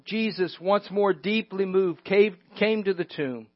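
A man preaching a sermon, moving from hushed words to loud emphasis and chuckling now and then. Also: sits high, unhurried, hardly any pauses, dry recording. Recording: dull lo-fi recording.

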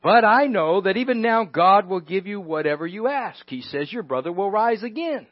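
A man's voice: high-pitched, lively intonation, normal speed, no echo. A man voicing Martha, a grieving and faithful woman, reading her words earnestly in a sermon. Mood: pleading. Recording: dull lo-fi recording.

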